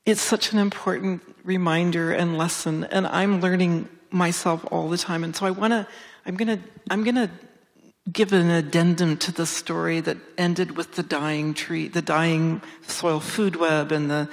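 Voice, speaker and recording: A woman forest researcher and author answering interview questions with enthusiasm, restarting phrases and jumping up in pitch when excited. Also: moderate pace. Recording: long hall reverb.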